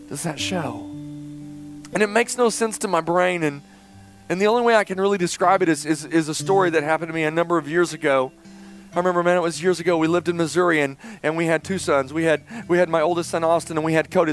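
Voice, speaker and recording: A middle-aged man preaching a sermon in church, telling a personal story and swinging between loud emphasis and hushed, tender passages. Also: a little high, steady tone, fast talker, faint music behind. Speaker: pastor. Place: church sanctuary.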